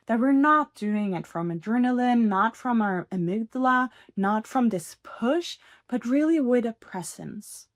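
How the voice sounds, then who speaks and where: A woman's voice: fairly high pitch, animated, a little slow, few pauses, no echo, clean studio sound. A woman hosting a podcast on her own, talking earnestly and encouragingly in a casual way with frequent laughs. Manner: earnest, encouraging, laughs often, many fillers. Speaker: podcast host. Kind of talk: casual solo podcast talk.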